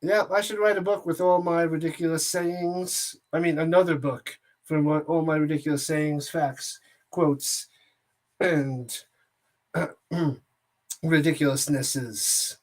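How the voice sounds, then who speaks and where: An excitable man calls a football game play by play for a watch-party stream. He is loose and joking, drifting into asides between snaps and shouting when a big play lands. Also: a little high, slow. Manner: jokey and excitable, rambles between plays. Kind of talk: casual play-by-play commentary.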